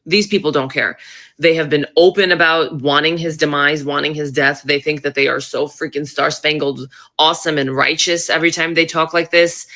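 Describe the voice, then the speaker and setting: A woman in her thirties delivers heated political commentary with a blunt, sarcastic edge and free swearing. Her voice is low-pitched and bright, with a forceful ring to it. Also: fairly even intonation, moderate pace. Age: 30s.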